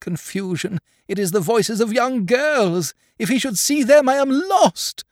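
A man voicing an aging, vain nursemaid who pines for her young master, in a high, wavering falsetto. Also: sing-song, moderate pace, no room sound, studio quality. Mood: despairing. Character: aging woman, pining nursemaid, wheedling and vain.

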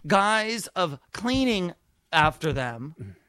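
A man with a high voice trades campy, quick-fire banter in a relaxed comedic chat. He keeps slipping into mocking impressions. The recording is dry and close with no room sound. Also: no echo. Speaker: podcast co-host.

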